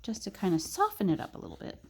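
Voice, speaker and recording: A young woman narrating a casual drawing tutorial, chatty and thinking aloud with soft muttered asides. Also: medium pitch, wildly swooping pitch, fast, creaky, slightly rough.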